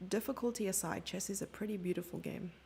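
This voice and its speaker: Chatty woman streaming chess commentary, gravelly. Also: mid-range voice, fast talker, darkish tone, slight background noise. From Germany. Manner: chatty, self-mocking, thinking aloud over moves. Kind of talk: casual live-stream commentary.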